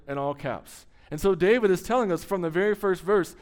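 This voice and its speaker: A man preaching a sermon with a smooth, resonant voice that sits a little high for a man. He tells the story with emphasis and slows down for weighty, dramatic pauses. His delivery is earnest and drives each point home. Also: animated, darkish tone. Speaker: pastor.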